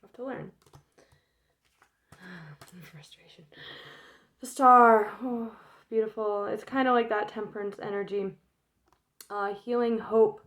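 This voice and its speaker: Woman tarot reader, slightly high voice, blunt and animated, swears a lot, loose and chatty. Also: takes it slowly, long pauses. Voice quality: frank, swears freely, frequent fillers. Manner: animated, laughs often, emotional. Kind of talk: casual tarot reading.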